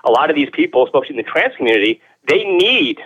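Male interview guest, rapid and insistent, rhetorical, slightly high voice, radio-show audio. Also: big pitch swings, fairly bright tone, husky, muffled recording. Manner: fast, emphatic, repeats words, rhetorical questions. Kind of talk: animated opinionated explanation.

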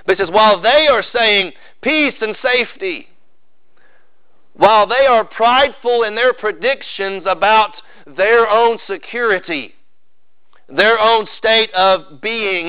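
A man preaching a sermon as pastor, moving from loud emphasis to hushed, drawn-out intensity. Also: sits high, smooth, no room sound. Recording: slightly dull, dry sound.

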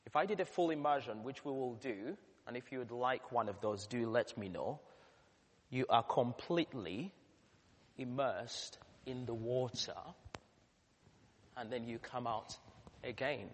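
A man, a pastor, delivering a sermon with earnest emphasis that swells to loud peaks. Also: mid-range voice, a little slow. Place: church. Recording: long church reverb.

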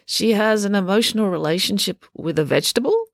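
A woman voicing a very old male doctor who speaks in a quavery voice with slow, patronizing tones. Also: mid-range voice, lively intonation, dry recording, clean studio sound, voice pushed up, natural voice.

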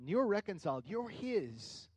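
A middle-aged man preaching a conversational sermon as a pastor, building into animated bursts. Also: high-pitched, a little slow, slightly rough, no room sound.

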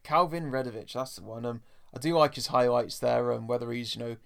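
Chatty podcast host. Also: male voice, mid-range voice, brisk, gravelly, fairly bright tone. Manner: chatty, addresses listeners as folks. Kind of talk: casual chat.

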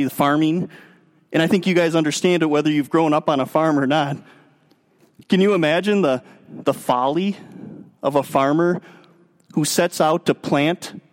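A man preaching a sermon as pastor, emphatic, moving between raised passages and quiet, drawn-out stretches. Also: fairly high pitch. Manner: emphatic, swinging between raised and hushed delivery.

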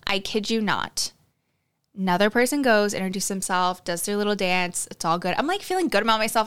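A woman tells a personal story on her solo podcast in a candid, chatty way. She fills her sentences with "like", swears without a second thought and speaks directly to her listeners. Her voice is smooth and clear at a middle pitch. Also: animated, a little fast, fairly bright tone. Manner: chatty, candid, swears freely, many "like" fillers; confiding, addresses listeners directly. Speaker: podcast host.

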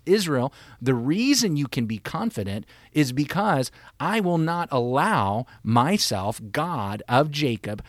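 A man co-hosting a conversational Bible discussion, emphatic and animated as he explains a passage. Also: on the high side, measured pace, hardly any pauses, no room sound. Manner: animated and emphatic, acts out quotations. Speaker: Bible study podcast co-host.

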